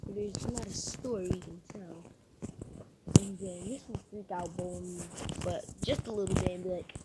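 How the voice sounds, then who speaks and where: A woman making up a fan story out loud, rambling and hesitant as she thinks of what comes next. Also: on the low side, steady tone, measured pace, very noisy. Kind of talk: improvised fan fiction narration.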